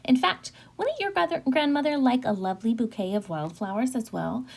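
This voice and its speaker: A woman voicing a sly, smooth-talking male wolf who speaks with mock politeness in a storybook reading. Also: on the high side, expressive, brisk, darkish tone. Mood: coaxing. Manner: honeyed, mock-courteous, lingering words.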